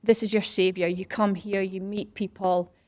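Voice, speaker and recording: Middle-aged woman, interview guest, chatty storyteller, mid pitch, dry close sound. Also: normal speed, no room sound. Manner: animated, acts out quoted voices and whispers for effect. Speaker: interview guest, parkrun organiser. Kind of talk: casual storytelling.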